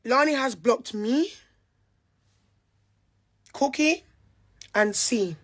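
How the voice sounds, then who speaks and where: Brief: young woman, high bright voice, angry confrontational rant, repeats herself. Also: expressive, takes it slowly, long pauses. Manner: heated, repetitive, confrontational. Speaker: reality show cast member. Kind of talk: angry monologue to camera.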